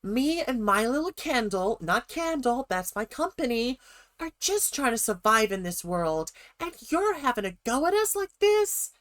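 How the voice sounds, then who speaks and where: A woman's voice: on the high side, big pitch swings, a little slow, pitched above the performer's own voice. A woman doing an impression of a whiny, indignant dance mom who acts wounded and sorry for herself. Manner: wounded, indignant, self-pitying.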